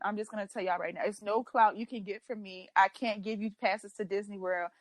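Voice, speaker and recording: A young woman co-hosting a podcast in casual chat, telling stories with lively quoted voices. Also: medium pitch, brisk, no echo. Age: young adult. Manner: animated storyteller, acts out her own quotes. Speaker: podcast co-host.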